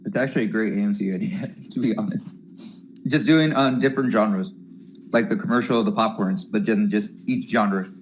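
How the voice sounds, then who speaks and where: Man, low voice, laid-back, faint background noise. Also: normal speed, low-quality recording. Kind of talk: casual chat.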